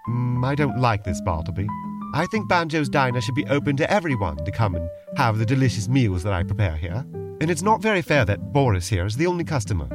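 A man's voice: mid-range voice, sing-song, fairly quick, over music. Dry skeptical guy cohost, prim and doubtful, voice goes up and down a lot. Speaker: co-host. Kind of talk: comedic improvised role-play banter.

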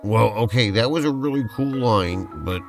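A man's voice: medium pitch, lively intonation, moderate pace, faint music behind. A man hosting a podcast and narrating a playful tabletop-style role-play adventure as game master, in an easygoing, rambling way.

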